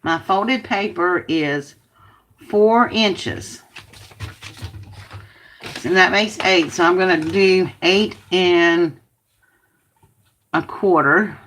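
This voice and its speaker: A woman's voice: lowish voice, drawn-out words, pauses often, fairly bright tone. A woman hosting a casual craft video, chatting to viewers and muttering to herself as she works. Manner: chatty, talks to herself while working, grumbles.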